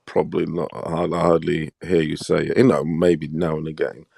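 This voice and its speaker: A man with a very deep, gravelly voice talks bluntly and pushes his points with frequent swearing. The sound is dry and close, in a casual live-stream chat. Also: little pitch movement, normal speed, dark tone, no echo. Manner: blunt, pressing and profane. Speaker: boxing talk show host.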